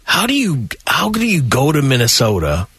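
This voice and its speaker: A man's voice: medium pitch, wildly swooping pitch, normal speed, a bit bright, slightly rough, no echo. A man from Canada co-hosting a radio show, emphatic and exclaiming. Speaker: radio co-host. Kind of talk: casual radio banter.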